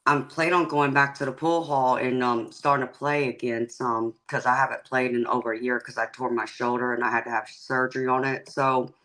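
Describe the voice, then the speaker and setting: A woman's voice: rumbling low, fairly even intonation, fairly quick, few pauses, fairly bright tone, low-quality recording. A psychic and tarot reader, a woman, talking frankly and plainly about her life as a guest on a live-stream chat, laughing easily. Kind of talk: candid personal storytelling in a live-stream chat.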